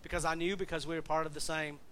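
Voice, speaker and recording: Folksy Southern pastor with a higher voice. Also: male voice, level tone, fast talker, fairly bright tone, slight background noise. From Southern United States. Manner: folksy, conversational, quizzes the congregation. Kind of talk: sermon.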